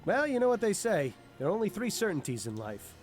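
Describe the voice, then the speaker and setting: A wisecracking detective partner. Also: male voice, sits high, very animated, brisk, faint music behind. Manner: wry, jokey. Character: joking, easygoing male detective partner. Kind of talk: voiced game dialogue.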